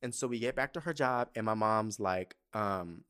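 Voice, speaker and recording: A man in his thirties hosting a podcast, telling a story in a casual, animated way, cursing freely and laughing mid-sentence. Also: fairly low pitch, normal speed, clear, resonant tone. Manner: animated, profane, laughs mid-sentence, swings loud to hushed. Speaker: podcast host.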